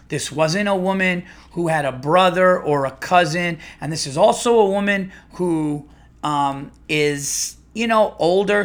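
A middle-aged man, a comedian hosting his own podcast, telling a long rambling story in a casual, animated way with restarts. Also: high voice.

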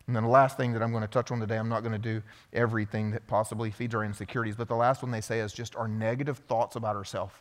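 A man's voice: on the low side, flat delivery, rapid-fire, hardly any pauses. Male pastor, sermon delivery, questions to the congregation, reverberant hall. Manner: storytelling with acted-out quotes, asks the congregation questions. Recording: preached in a hall with long reverb.

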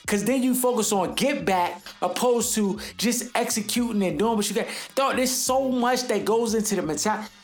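A man's voice: sits high, moderate pace, few pauses. Guy on a podcast hyping a player, rambly and emphatic, says dog a lot, little bit of music under him. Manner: emphatic, keeps saying "dog" and "bro"; rambling, with many restarts. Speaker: podcast host. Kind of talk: casual sports commentary monologue.

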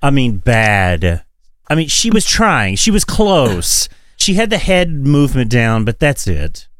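A man co-hosting a podcast in casual chat, quick to react and agree. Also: medium pitch, big pitch swings, no echo, studio quality. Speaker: podcast co-host.

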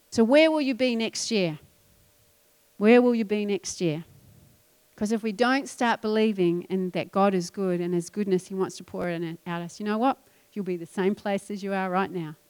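A woman pastor preaching a sermon, emphatic and animated, dropping into quiet asides. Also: fairly high pitch.

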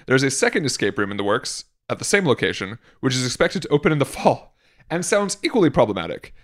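Male podcast co-host, animated delivery, dry sarcastic commentary on news. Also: mid-range voice. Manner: reads news items aloud with sarcastic asides. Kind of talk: casual news chat.

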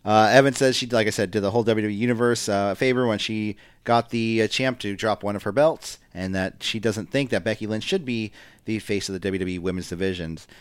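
A young man with a lowish voice recaps a wrestling show in loose, rambling podcast chat. He's recorded close and dry. He leans on fillers and quick asides. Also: smooth, no room sound. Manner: chatty, rambling, mimics wrestlers in quotes. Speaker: podcast co-host.

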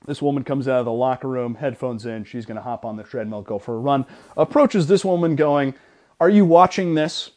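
A young man co-hosting a casual sports podcast, retelling a gym story in an animated way with lots of restarts. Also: mid-range voice, fairly quick, few pauses. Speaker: podcast co-host.

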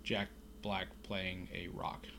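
A man's voice: sits low, level tone, takes it slowly, vocal fry, background noise. A man co-hosting a podcast in casual chat, rambling and often cutting himself off mid-sentence. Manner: rambling, self-interrupting, chatty. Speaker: podcast co-host.

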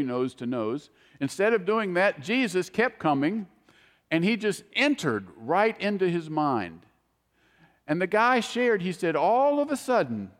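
A man preaching a sermon, telling stories with animated swings between soaring and hushed delivery. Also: sits high, big-room sound. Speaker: pastor.

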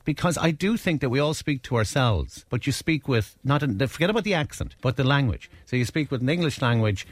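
A man's voice: mid-range voice, a little fast, hardly any pauses, no echo. A man co-hosting a radio show, telling jokes and rambling through playful questions. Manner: jokey, rambling, animated questioning. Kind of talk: casual radio banter.

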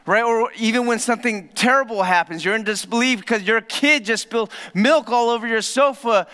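A male pastor preaching a sermon, often dropping to a low, soft voice to stress a point. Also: brisk, few pauses, clear, resonant tone. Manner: dramatic drops to a low soft voice for emphasis. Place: church hall. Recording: reverberant church hall.

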